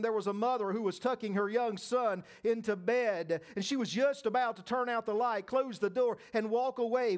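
A man preaching a sermon, emphatic and repeating his phrases as he speaks straight to the congregation. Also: extremely high pitch. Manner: addresses the congregation directly. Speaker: pastor.

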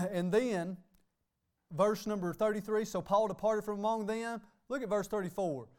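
High-voiced preaching man. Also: fairly even intonation, normal speed, a little mellow. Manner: emphatic, punctuates with "hey" and "okay". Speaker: pastor. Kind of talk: sermon. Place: church sanctuary.

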